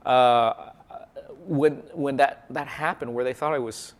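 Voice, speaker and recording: A man being interviewed as a guest, a comedian and mentalist telling lively anecdotes in casual chat and laughing easily. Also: medium pitch, unhurried. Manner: animated storyteller, laughs easily.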